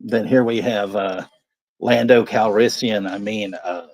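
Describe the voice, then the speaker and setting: A man's voice: fairly low pitch, steady tone, measured pace, a little mellow, no echo. Laughing, profane man with a dry sound. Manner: swears freely, laughs often, tells rambling anecdotes. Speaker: watch party co-host. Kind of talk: casual chat.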